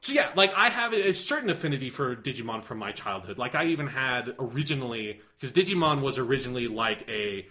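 A man's voice: mid-range voice, very animated, fast, hardly any pauses, pushed and bright. A man co-hosting a casual podcast, rambling enthusiastically with lots of swearing and constant "like". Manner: rambling, profane, enthusiastic, heavy use of "like". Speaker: podcast co-host.

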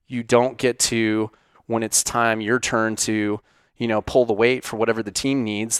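A middle-aged man hosting a casual monologue, answering viewer questions in a blunt, profane, animated way. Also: medium pitch, brisk, clean tone, dry recording, clean studio sound. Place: home studio.

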